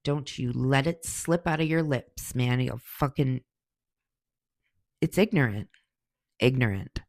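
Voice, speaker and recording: A woman's voice: rumbling low, slow, a little mellow, no echo. A woman in her forties, hosting a podcast, answering questions in a blunt, profane, heated storytelling style. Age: 40s. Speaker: podcast host. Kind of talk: casual monologue answering questions.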